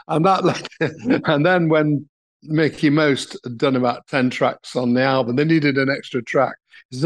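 A man's voice: mid-range voice, normal speed. Older English man, talent manager, anecdotal interview storyteller with a chuckle. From England. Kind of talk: reminiscing interview answers.

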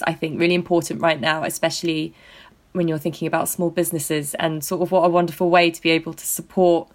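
Woman host of a chat podcast, lowish voice, thoughtful and earnest.

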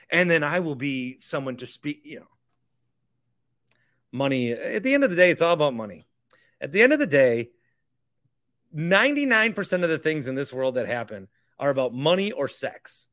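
A man's voice: fairly high pitch, fairly bright tone. A man hosting a podcast, rambling casually and mocking himself, with the odd swear. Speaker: podcast host.

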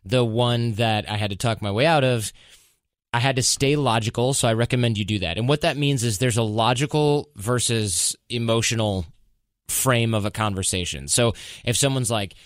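A man hosting a podcast, telling stories in a casual, chatty way and slipping into quick voices. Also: mid-range voice, clear, resonant tone, no echo, clean studio sound. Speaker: podcast host.

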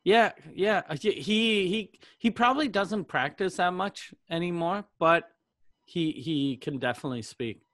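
A man's voice: sits high, expressive, a little slow, a bit bright, dry recording, clean studio sound. A man hosting a casual podcast chat, telling rambling stories with lots of swearing. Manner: profane, rambling storyteller. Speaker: comedian podcast host.

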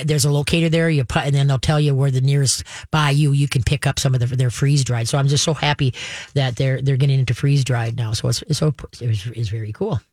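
A woman's voice: sits low, darkish tone, no room sound, clean studio sound. A woman hosting a radio call-in show about pets, chatty and direct, acting out the commands she recommends. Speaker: radio pet show host.

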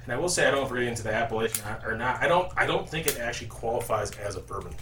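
A man's voice: medium pitch, racing, bright, forceful tone. A man as a podcast guest in casual chat, rambling with restarts and dry jokes. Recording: roomy, distant mic with faint noise.

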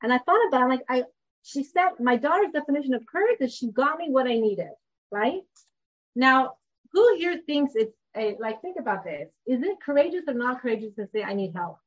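A woman in her thirties teaches a class in a conversational, informal way. She often stops to ask her listeners questions. Her voice sits a bit high, and the recording sounds somewhat dull and lo-fi. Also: lively intonation, fairly quick. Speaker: Torah teacher. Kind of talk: informal class talk to a group.

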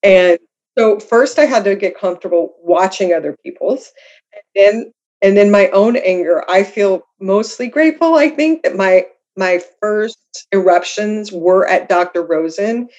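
A woman guest author talks candidly and reflectively about her own life. She mixes earnest thoughts with quick, self-deprecating asides. The audio is a bit dull and muffled. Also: medium pitch, darkish tone. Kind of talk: candid conversational storytelling.

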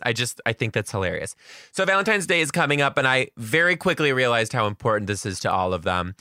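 A man who teaches kindergarten, telling classroom stories in a casual, slangy, animated way. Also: medium pitch, quick pace, no room sound, clean studio sound. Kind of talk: casual storytelling vlog.

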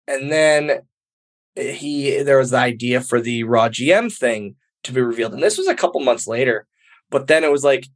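A man, a professional wrestler, telling stories as an interview guest in a lively, casual way, acting out quoted dialogue and filling in with "like". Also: mid-range voice, moderate pace. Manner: animated, acts out quoted dialogue, many fillers like "like".

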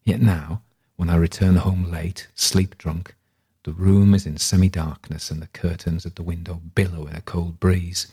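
A man reading a literary story aloud in a measured, reflective way. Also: low voice, little pitch movement, dark tone, breathy edge. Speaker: reader.

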